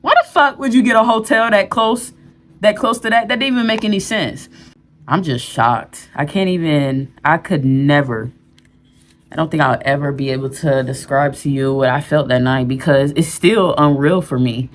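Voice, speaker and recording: Woman doing a storytime vlog, kinda low voice, rambly and real, lots of um and like. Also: normal speed. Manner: candid, rambling, with restarts and fillers. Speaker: storyteller vlogger.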